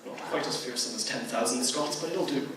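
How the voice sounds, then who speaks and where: A teenage emcee playing a pompous, bumbling explorer in a stage comedy skit, blustering and exasperated. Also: male voice, medium pitch, fairly quick, close to an everyday voice. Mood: chuckling. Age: teens. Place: school auditorium stage. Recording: echoey auditorium from far off, noisy.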